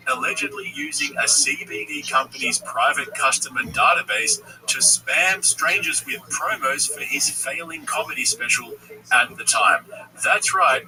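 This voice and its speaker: A man's voice: medium pitch, recorded from a distance, rough recording. A man narrating a scripted commentary video in a sarcastic, mocking tone, with careful legal disclaimers. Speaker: commentary channel host.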